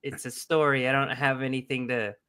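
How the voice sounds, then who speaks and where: A man in his thirties co-hosting a casual chat, an animated storyteller who laughs often. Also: mid-range voice, a little fast, clear, resonant tone, no room sound, studio quality. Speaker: podcast co-host.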